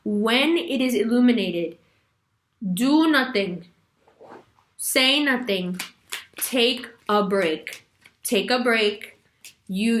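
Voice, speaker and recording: A woman's voice: mid-range voice, a bit bright. A woman giving a casual tarot reading, talking bluntly in slang and leaning hard on her words. She laughs easily mid-sentence, and her voice rings in a roomy, echoey space. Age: adult with a son. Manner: frank, slangy, emphatic; laughs often while talking. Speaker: tarot reader.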